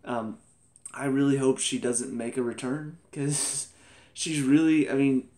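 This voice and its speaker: A man's voice: mid-range voice, a little slow. Chatty, laughing young man reviewing TV. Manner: animated, laughs often, exclamatory. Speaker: TV episode reviewer. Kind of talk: casual review vlog.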